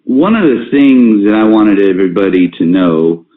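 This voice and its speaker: A man's voice: lowish voice, lively intonation, moderate pace. A man hosting a company conference call, talking casually with many fillers and restarts. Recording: tinny phone line with roomy echo.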